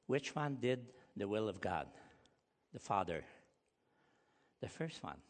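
A man's voice: on the low side, sing-song, slow. A pastor preaching a sermon with emphatic, rising delivery, speaking English as a with as his first. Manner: emphatic preaching, rising loud on key points, non-native grammar. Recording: long hall reverb.

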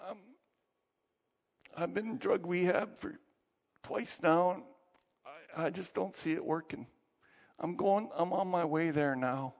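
A man voicing a weary, broken man who speaks quietly and falters, in a dull recording with long hall reverb. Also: high-pitched, a little slow, gravelly, long pauses. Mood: despairing.

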